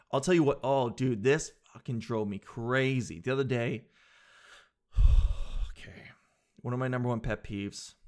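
Animated young man doing stand-up. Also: medium pitch. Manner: animated, slangy, mimics people in quick put-on voices. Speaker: stand-up comedian. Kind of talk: stand-up comedy routine.

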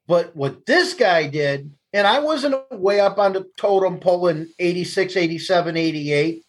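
A man's voice: high voice, lively intonation, normal speed, low-quality recording. A man, a guest telling blunt, profane stories in an interview. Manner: blunt, profane, laughs through anecdotes. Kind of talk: candid storytelling interview.

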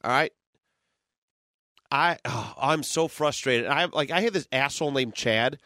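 A man's voice: mid-range voice, unhurried, bright, forceful tone, no room sound, clean studio sound. A man co-hosting a sports podcast, ranting in frustration and swearing as he breaks down a game. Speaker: podcast co-host. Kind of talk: casual sports podcast chat.

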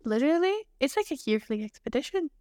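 A woman's voice: high voice, expressive, fast talker, darkish tone, no room sound, clean studio sound. A young woman co-hosting a podcast, chatting casually and teasingly, with lots of "like" fillers. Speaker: podcast co-host. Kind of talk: casual chat.

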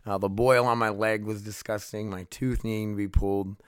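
A man's voice: fairly low pitch, flat delivery, brisk, clear, resonant tone, no room sound, clean studio sound. A man hosting his own podcast, talking casually in a rambling, profane, self-deprecating way. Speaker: podcast host. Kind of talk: casual solo podcast chat.

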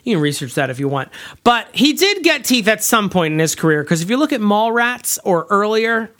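A man's voice: sits high, big pitch swings, a little fast, fairly bright tone. A man co-hosting a podcast in casual chat, sardonic and giggly with wry asides. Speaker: podcast co-host.

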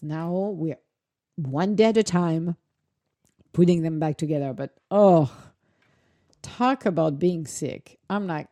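A woman's voice: lowish voice, measured pace, mellow, no room sound, studio quality. A woman chatting casually in a vlog, telling stories animatedly, with laughter and acted-out quotes. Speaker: vlogger, dog owner. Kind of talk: casual chat.

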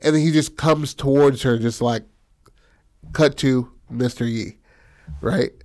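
A man's voice: mid-range voice, fairly even intonation, measured pace, darkish tone. Slangy man retelling a story. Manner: slangy, profane, heavy with fillers. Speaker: co-writer pitching a film story. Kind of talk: casual chat retelling a story.

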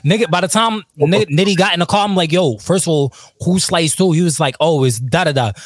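A man's voice: fairly high pitch, brisk, dry recording. A man, a rapper, telling a wild story in casual chat, slangy and laughing often.

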